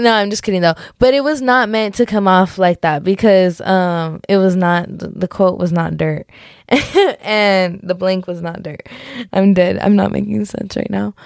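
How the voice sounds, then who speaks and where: A woman's voice: mid-range voice, creaky, a little mellow, dry recording, studio quality. A young woman hosting a solo podcast in a casual, rambling way, often correcting herself and laughing things off as jokes. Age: young adult. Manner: rambling, giggly, self-correcting, lots of "like" and "just kidding". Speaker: podcast host.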